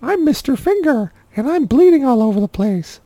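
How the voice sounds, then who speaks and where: A man voicing his own finger as a chirpy little character with a high squeaky put-on voice. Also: sing-song, moderate pace, mellow, dry recording. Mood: silly. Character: talking finger puppet, chirpy little male.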